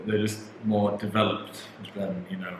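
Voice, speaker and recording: A man's voice: lowish voice, little pitch movement, measured pace. Dry, teasing young Englishman. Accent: neutral English. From England. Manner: dry, teasing, laughs often. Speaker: co-host in a couple's video. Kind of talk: casual chat. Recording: echoey room, faint noise.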